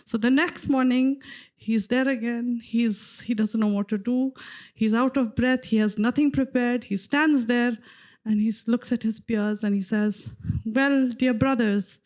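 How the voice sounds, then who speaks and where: A woman preaching a sermon at a church service, telling a story with lively acted-out quotes. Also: fairly high pitch, measured pace. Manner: animated storyteller, acts out quoted voices.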